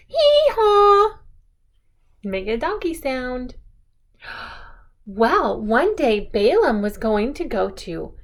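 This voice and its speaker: A woman telling picture-book stories to a young child in an animated, coaxing sing-song, often pausing to ask questions. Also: high voice. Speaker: children's storyteller.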